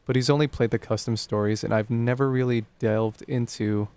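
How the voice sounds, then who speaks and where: A man's voice: medium pitch, fairly even intonation, normal speed, darkish tone, clear, resonant tone, no room sound. A young man casually commenting on a horror game as he streams it live, joking and thinking aloud. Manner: chatty, jokey, thinking aloud.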